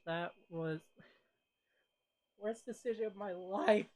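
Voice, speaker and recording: Streamer, casual chat, rambling, laughs and sighs often, slow pace, dry close sound. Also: mid-range voice, dry recording.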